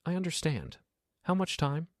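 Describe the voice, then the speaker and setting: A man's voice: a little high, sing-song, moderate pace, no room sound, studio quality, pitched above the performer's own voice. A man doing a remorseful father in his sixties. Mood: pleading. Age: 60s. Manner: apologetic, choked up, pleading.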